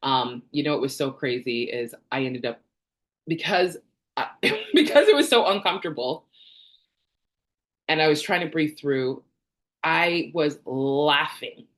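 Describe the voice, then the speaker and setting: Woman in her forties, from Canada, candid chatty vlogger, rambling asides, quick laughs. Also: sits low, expressive, a bit bright. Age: 40s. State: tearful at times. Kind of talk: personal health vlog.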